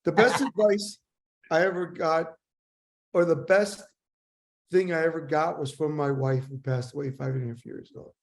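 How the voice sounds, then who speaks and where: Animated older man telling stories. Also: fairly high pitch, normal speed. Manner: animated, acts out dialogue. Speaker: guest. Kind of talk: storytelling interview.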